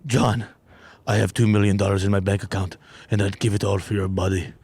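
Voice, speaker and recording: Man quoting an older gym regular, lower and slower, gushing praise. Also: flat delivery, a little mellow, slightly rough. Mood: flattering. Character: fawning older male gym buddy.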